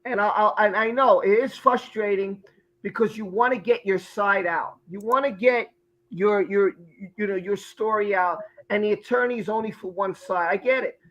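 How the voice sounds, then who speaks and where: A man's voice: high-pitched, moderate pace, fairly bright tone, poor audio. A man hosting a livestream, ranting heatedly and swearing as he gives commentary. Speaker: show host.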